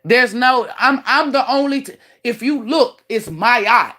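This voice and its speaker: A woman's voice: fairly high pitch, unhurried, pushed and bright. A woman streaming live as a self-styled spiritual teacher, lecturing bluntly with heavy swearing and bragging about her own gifts. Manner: blunt, profane and boastful; preachy, lecturing tone. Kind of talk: livestream rant.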